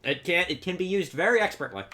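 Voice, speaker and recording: Bright, excitable man reacting. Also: sits high, quick pace. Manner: excitable, rambling, many fillers and restarts. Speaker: reaction video host. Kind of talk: casual reaction commentary.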